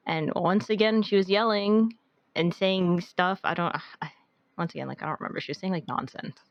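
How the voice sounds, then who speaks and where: A woman's voice: lowish voice, normal speed, no room sound, dull audio. Young woman rambling through a story. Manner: rambling storytelling, heavy use of "like". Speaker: podcast co-host. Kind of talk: casual chat.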